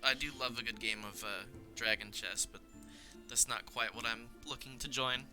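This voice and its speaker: A man's voice: medium pitch, steady tone, moderate pace, sharp tone, soft background music. A man playing a tabletop game who adds dry, joking asides in casual banter. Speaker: player.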